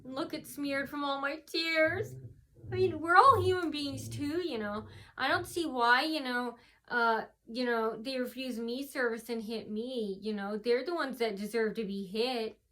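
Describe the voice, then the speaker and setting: High-pitched woman rambling to camera, kinda teary, lots of ums and restarts. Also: measured pace. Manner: rambling, many fillers and restarts, mimics shouts. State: tearful, face swollen from crying. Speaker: vlogger. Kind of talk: casual rambling storytelling to camera.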